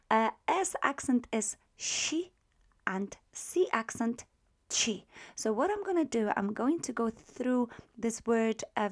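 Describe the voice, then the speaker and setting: Slow, patient woman teaching a lesson. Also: on the high side. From Poland. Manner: patient, explains slowly and repeats words for practice. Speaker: language teacher. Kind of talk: online language lesson.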